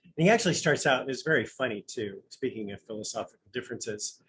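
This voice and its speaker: A man's voice: mid-range voice, animated, fast talker, fairly bright tone, slightly rough, poor audio. A man, a Zen Buddhist priest, giving an informal dharma talk, musing and conversational as he thinks aloud with a light touch of humor.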